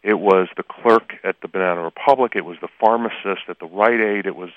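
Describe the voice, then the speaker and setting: A man, a law professor, calling in to an interview over the phone, speaking earnestly and haltingly with frequent restarts. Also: lowish voice, no room sound. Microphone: telephone. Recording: tinny, dry phone line.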